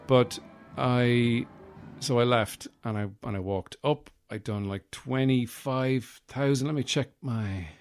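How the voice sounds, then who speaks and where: A man's voice: medium pitch, slow, clean tone, no echo, faint music behind. A man hosting a podcast in a rambling comic monologue, meandering and self-mocking, with many fillers, on a close mic. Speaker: podcast host.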